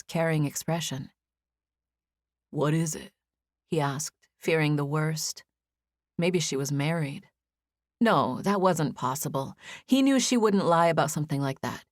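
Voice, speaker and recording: Woman, audiobook narrator, measured storytelling, lowish voice, dry studio sound. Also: no echo. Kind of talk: scripted narration.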